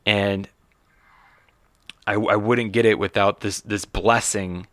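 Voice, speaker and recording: A man's voice: lowish voice, takes it slowly, no echo, studio quality. An American man hosting his own podcast, a stand-up comedian talking in a loose, swearing, rambling monologue with lots of restarts. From United States. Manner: profane, rambling and animated, with many restarts. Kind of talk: casual solo podcast monologue.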